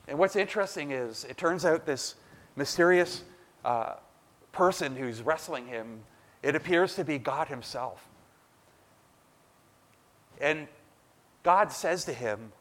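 A man's voice: on the high side, expressive, slow pace, pauses often, fairly bright tone. Emphatic, conversational male preacher. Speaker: pastor. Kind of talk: sermon.

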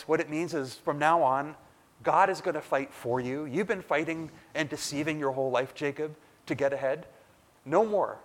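A male pastor delivers a sermon in a loose, conversational way. His voice sits a little high for a man, and it swells into emphatic peaks before dropping back down. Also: moderate pace. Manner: conversational, emphatic preaching with rising bursts.

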